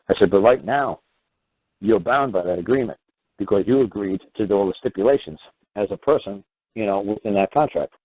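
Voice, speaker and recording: Fast, low-voiced male radio host, rambling and animated, over a dry, phone-thin line. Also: no room sound. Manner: animated, rambling, acts out both sides of exchanges, swears. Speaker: radio talk show host. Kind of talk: call-in radio advice talk. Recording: tinny phone-line sound.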